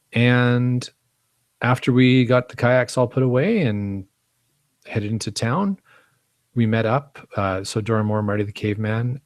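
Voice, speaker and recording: Low-voiced chatty podcast man. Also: no room sound. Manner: chatty, enthusiastic storyteller. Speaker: podcast co-host. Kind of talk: casual podcast chat.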